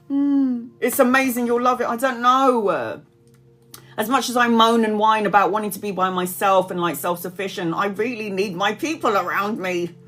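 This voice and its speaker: A woman's voice: a little high, fairly even intonation, measured pace, fairly bright tone. A woman in her forties, a tarot reader chatting casually to viewers on a live stream, rambling, laughing often and reading out comments.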